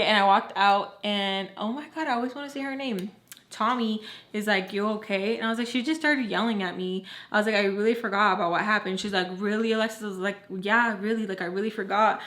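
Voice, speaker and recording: A young woman telling a personal story in casual vlog style, animated and acting out what others said. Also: mid-range voice. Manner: animated, acts out quotes, says "like" often. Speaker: storytime vlogger.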